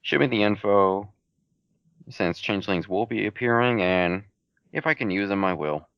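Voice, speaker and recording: Deep gravelly man, laid-back. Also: animated, moderate pace, no room sound. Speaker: fan fiction author answering reader questions. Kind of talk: casual Q&A chat. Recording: dull home mic recording.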